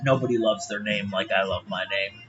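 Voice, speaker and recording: A man's voice: on the low side, steady tone, normal speed, highs cut off, over loud music. A man talking straight to his viewers in a rambling, profane monologue, laughing often. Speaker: vlogger.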